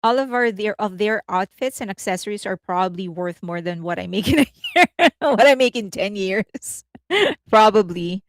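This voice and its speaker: A woman hosting a casual entertainment news livestream, chatty and rambling, laughing often and thinking out loud. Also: mid-range voice, lively intonation, moderate pace, no room sound.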